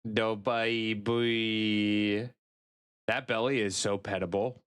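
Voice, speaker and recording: Male streamer, casual live chat, very unhurried delivery, playful and cooing. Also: lowish voice, little pitch movement, a bit bright, smooth. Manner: playful, coos over pets in baby talk.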